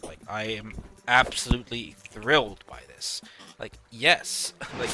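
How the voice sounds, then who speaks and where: A man's voice: medium pitch, measured pace. A young man rambling through casual gameplay commentary, telling stories animatedly and laughing as he goes. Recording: noisy home recording.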